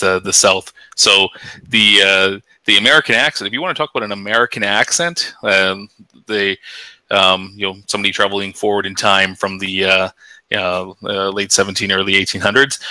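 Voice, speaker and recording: A man's voice: fairly low pitch, bright, forceful tone, no echo, poor audio. A man from Canada explaining at length in a casual group chat, with many fillers and restarts. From Canada (British Columbia).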